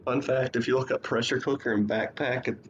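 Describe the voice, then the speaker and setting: A man's voice: mid-range voice, steady tone, brisk, highs cut off, a little hiss or hum. A man playing a tabletop game, goofy and stumbling over his words. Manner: goofy, stammering restarts. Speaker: player. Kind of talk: casual tabletop game chat.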